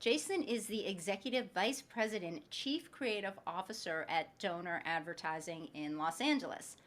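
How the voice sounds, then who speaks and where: A woman's voice: mid-range voice, normal speed. A woman hosting a podcast interview, chatty and upbeat, introducing her guest with light jokes. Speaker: podcast host.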